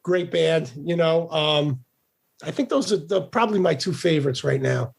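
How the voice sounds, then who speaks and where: Middle-aged guy rambling and swearing on a podcast, kinda high voice, gravelly and rough. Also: moderate pace. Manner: profane, rambling, repeats words. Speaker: guest musician. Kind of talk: casual podcast interview.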